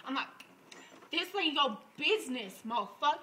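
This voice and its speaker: A man voicing a brash, crude young woman who laughs through her loud improvised comic story. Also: extremely high pitch, expressive, normal speed, a little hiss or hum, heavily acted, poor audio.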